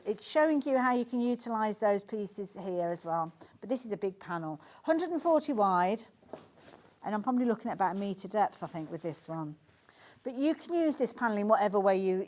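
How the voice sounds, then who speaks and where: A woman presenting a live shopping channel demo, gushing and chatty in her sales patter. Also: mid-range voice. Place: TV studio.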